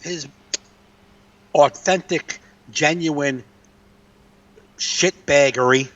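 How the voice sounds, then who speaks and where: A man rants with profane, exasperated energy on a casual comedy podcast. His voice sits a bit high and sounds set back from the microphone. The sound is dull and lo-fi. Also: drawn-out words, fairly bright tone. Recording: distant, dull lo-fi mic.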